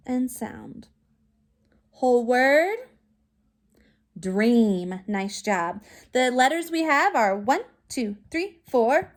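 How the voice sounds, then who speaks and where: Slow, high-voiced woman teaching phonics. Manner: slow, clear, sounding out words. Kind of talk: phonics lesson for young children. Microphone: recorded to camera for remote students.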